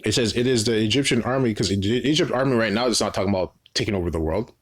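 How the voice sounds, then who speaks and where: A Bible teacher reads verses aloud and explains them informally, speaking fast in a lowish voice. He keeps tagging his sentences with "right?" and often restarts his phrases.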